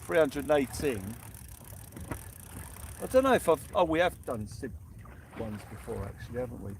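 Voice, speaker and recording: A man with a gravelly, mid-range voice hosts a casual night fishing livestream outdoors, speaking at a moderate pace with big swings in pitch. He greets viewers by name and sings snatches of songs between bits of chat. The outdoor recording is noisy.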